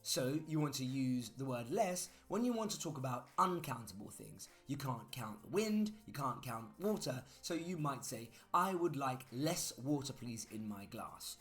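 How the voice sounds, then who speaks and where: Lively man teaching grammar. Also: medium pitch, normal speed, few pauses, soft background music. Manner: chatty, spells words out letter by letter. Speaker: English teacher. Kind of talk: grammar lesson.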